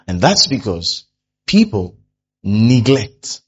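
A pastor preaching a sermon, animated, who often acts out the people he quotes. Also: fairly low pitch, takes it slowly, slightly rough, dull audio.

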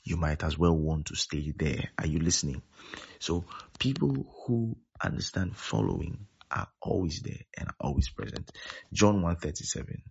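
A man's voice: deep voice, normal speed, vocal fry, a little mellow, husky. A man preaching a sermon as pastor, repeating his points and often asking whether his listeners are following. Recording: dull lo-fi sound.

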